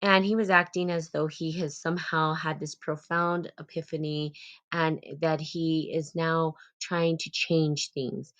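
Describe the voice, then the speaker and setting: A woman hosting a casual live talk, blunt and animated, swearing freely as she calls people out. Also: low-pitched. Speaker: host.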